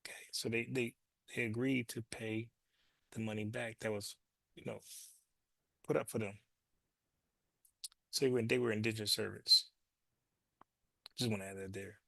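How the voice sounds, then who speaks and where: A man's voice: on the low side, flat delivery, normal speed, gravelly, long pauses, sharp tone, dry recording. A man hosting his own show, talking loosely and profanely and doubling back on his words as he explains. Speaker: show host. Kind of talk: casual commentary monologue.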